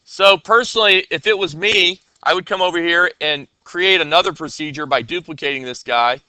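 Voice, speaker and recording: A man's voice: on the high side, moderate pace, bright, forceful tone, smooth, no room sound. A man teaching a classroom coding lesson, talking casually and often checking that his students are following.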